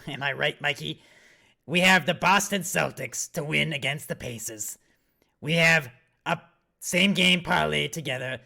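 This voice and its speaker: A man putting on a raspy smoker's politician voice, gravelly, bright, bombastic, profane. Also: on the high side, heavily acted. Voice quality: raspy, coughing smoker rasp. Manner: bombastic announcing, brash and profane.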